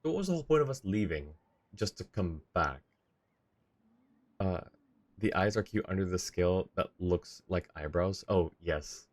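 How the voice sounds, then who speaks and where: A tired man casually commenting on a video game as he plays, laid-back and thinking out loud, with chuckling asides. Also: low voice, lively intonation, normal speed. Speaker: streamer.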